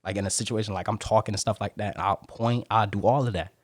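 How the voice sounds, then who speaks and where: A man talks fast as a podcast guest, driving his points home with an emphatic, preaching push. His voice sits a little low and jumps up when he presses a point. The sound is dry and close. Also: fairly even intonation, no echo. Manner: emphatic, preaching, swings in pitch and loudness. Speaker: podcast guest, motivational speaker. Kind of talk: casual interview talk.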